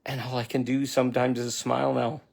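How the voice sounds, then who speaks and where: Middle-aged male self-help speaker, earnest, affirming, mid-pitched voice, emotional motivational monologue. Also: little pitch movement, fairly quick, creaky, a little mellow. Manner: earnest, repetitive, near tears at times; affirming, speaks directly to the listener.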